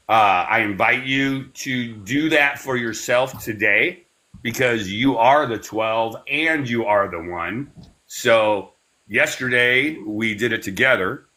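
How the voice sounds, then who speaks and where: A man leading a spiritual class, talking in a meandering, unhurried way with many fillers and giving slow, soothing breathing cues. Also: medium pitch, pushed and bright. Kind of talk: guided breathing meditation class.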